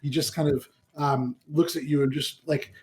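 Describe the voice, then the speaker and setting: A man's voice: fairly high pitch, moderate pace. Casual male game master narrating. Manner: relaxed storyteller, frequent ums and kind ofs. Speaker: dungeon master.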